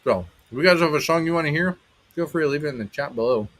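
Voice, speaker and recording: With a fairly high pitch and an animated manner, an adult married musician hosts a live stream and chats with viewers. He rambles and stumbles, leaning on lots of fillers, and perks up when greeting people. The audio is poor.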